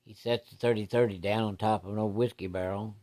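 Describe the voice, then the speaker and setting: A man's voice: lowish voice, steady tone, fast, warm tone. A man telling a personal story from his childhood in a rambling, folksy, plain-spoken way.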